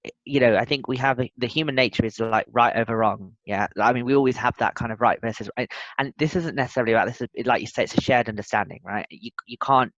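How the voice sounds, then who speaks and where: A man's voice: mid-range voice, fast, fairly bright tone, no echo. A man as a podcast guest, talking earnestly and thoughtfully in casual interview chat, often restarting his sentences. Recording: dull, lo-fi, dry sound.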